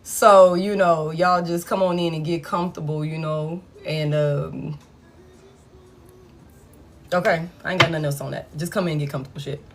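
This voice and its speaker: A woman's voice: low voice, normal speed. A woman giving a casual tarot reading, blunt and profane as she tells it. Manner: blunt, profane, animated storytelling. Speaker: tarot reader.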